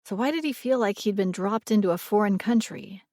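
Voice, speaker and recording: A female audiobook narrator reads a scripted romance in a measured, expressive manner. Her mid-range voice comes through a dry, studio-quality recording.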